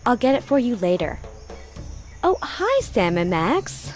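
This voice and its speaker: A woman's voice: a little high, big pitch swings, unhurried, faint music behind. A woman voicing a doting, breezy vacationer in a video game. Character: doting woman on vacation with her stone-head sweetheart.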